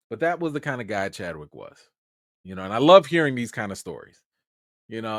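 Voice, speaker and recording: A man gives chatty livestream commentary on film news, and his pitch ranges widely as he talks. He is casual and animated and drops in plenty of fillers. The mic is close and the sound is dry, with no room. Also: quick pace, dry recording. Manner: animated, conversational, lots of fillers. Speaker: YouTube movie commentator.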